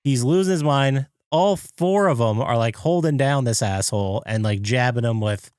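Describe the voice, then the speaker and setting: A man co-hosting a podcast, retelling a movie scene by scene and jumping into high, excited impressions of the characters. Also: moderate pace, clear, resonant tone, no echo, clean studio sound. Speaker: podcast co-host. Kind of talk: casual movie recap chat.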